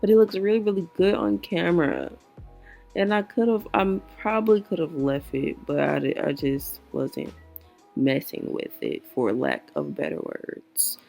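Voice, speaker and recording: A young woman talks through her makeup steps in a relaxed, slangy voice-over. Her morning voice sits low and gravelly, with a lot of fry. Faint music plays behind her. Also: unhurried. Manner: chatty and slangy, correcting herself often. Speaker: beauty vlogger. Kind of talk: casual voice-over for a makeup tutorial.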